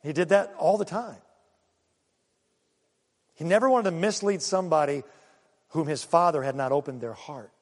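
A man preaching a sermon, animated and full of rhetorical questions and acted-out asides to the congregation. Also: fairly high pitch, normal speed, pauses often, in a large hall. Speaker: pastor.

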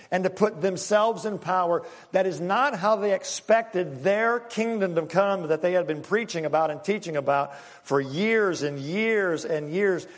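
A man, a pastor preaching a sermon in an animated, conversational way, acting out little scenes for the congregation. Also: high voice, big-room sound.

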